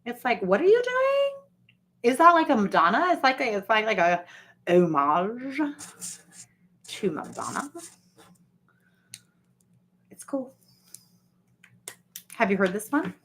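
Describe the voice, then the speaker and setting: A woman's voice: mid-range voice, very animated, slow pace, long pauses, fairly bright tone, slight background noise. A woman chatting casually on a livestream, rambling and swearing as she talks straight to her viewers. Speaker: livestream host.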